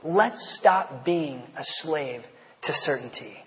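High-voiced man preaching in a reverberant hall. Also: animated, slow pace, fairly bright tone. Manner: conversational, storytelling, slangy asides. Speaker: pastor. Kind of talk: sermon.

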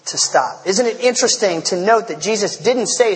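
Male pastor, casual sermon delivery with slangy asides, light high voice, hall echo. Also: animated, normal speed, few pauses. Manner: conversational, storytelling, slangy asides. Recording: long hall reverb.

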